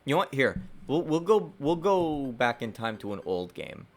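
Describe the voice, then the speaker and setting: A man streaming his game development work, talking to himself in a lively, self-mocking way. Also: mid-range voice, normal speed. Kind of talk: casual livestream dev commentary.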